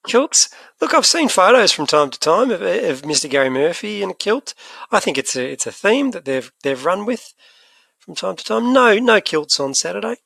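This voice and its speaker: An Australian man co-hosting a podcast in casual, animated chat. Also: high-pitched, normal speed, vocal fry, no echo. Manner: chatty, animated, laughs easily. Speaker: podcast co-host.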